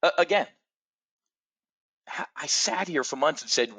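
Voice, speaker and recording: A man's voice: a little high, animated, measured pace, creaky, pauses often, a bit bright. A middle-aged man hosting a live trading show, giving blunt, profane market commentary and answering viewers by name. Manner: addresses viewers directly by name.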